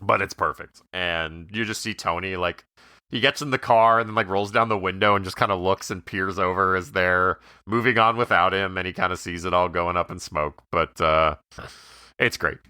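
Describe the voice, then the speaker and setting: Deep, bright-toned, dry male podcaster. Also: moderate pace, smooth, dry recording. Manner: enthusiastic, rambling, lots of fillers, laughs while quoting. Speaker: podcast co-host. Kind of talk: casual movie discussion podcast.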